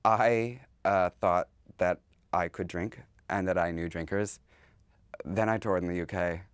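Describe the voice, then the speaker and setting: A man's voice: deep voice, steady tone, measured pace, smooth, no echo. A man, a drag performer, talking candidly as a podcast guest and slipping into other people's voices while telling stories. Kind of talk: casual interview.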